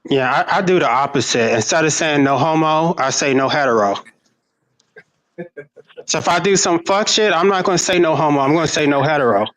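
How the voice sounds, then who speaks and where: A man's voice: on the high side, expressive, brisk, a bit bright, rough recording. A man speaking as a panelist in a casual online panel discussion, candid and emphatic, swearing freely. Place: online video call.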